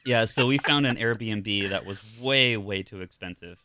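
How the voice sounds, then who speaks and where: A man's voice: on the low side, a little slow, sharp tone. A man co-hosting a podcast, chatting casually and laughing often, with self-deprecating humor. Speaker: podcast co-host. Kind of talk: casual chat.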